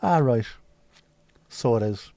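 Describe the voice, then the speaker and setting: A man putting on a jovial, theatrical Irish man with an Irish accent, loud and hammy in his exclamations. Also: mid-range voice, animated, slow pace, no room sound. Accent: put-on Irish.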